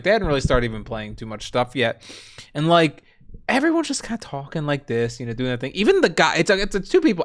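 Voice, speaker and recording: A young man co-hosting a stream, telling rambling, animated stories in casual chat. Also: fairly high pitch. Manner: animated storytelling, rambling with restarts. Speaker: streamer co-host.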